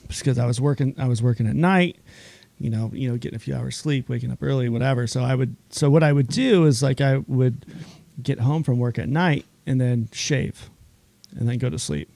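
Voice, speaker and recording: A chef, a man, spins a story on a podcast with a gravelly, warm and mellow voice. He acts out the other people's lines as he goes and laughs easily. The sound is dry, with no room in it. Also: mid-range voice, fairly quick, no room sound. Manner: animated storyteller, acts out quoted dialogue, laughs often. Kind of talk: casual interview chat.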